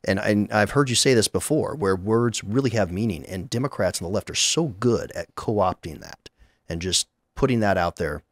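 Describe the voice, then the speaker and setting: A man's voice: lowish voice, animated, normal speed, dry recording, clean studio sound. A man appearing as a guest on a podcast panel, speaking earnestly with a few restarts. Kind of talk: casual panel discussion.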